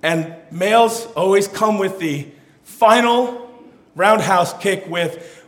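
A man preaching a humorous sermon as pastor, with animated, joking storytelling. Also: high-pitched, measured pace, reverberant.

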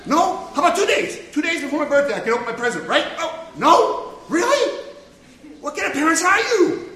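A man's voice: very high-pitched, big pitch swings, fairly quick, voice pushed up, heavily acted. A man doing a whiny, impatient little boy. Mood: indignant. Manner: pleading, demanding, shouting. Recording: echoey hall from far off.

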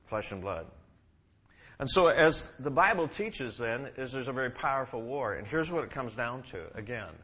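Bright-voiced preacher man, lo-fi. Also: mid-range voice, lively intonation, normal speed, slightly rough. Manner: asks the congregation questions, rises and drops in volume. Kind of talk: sermon.

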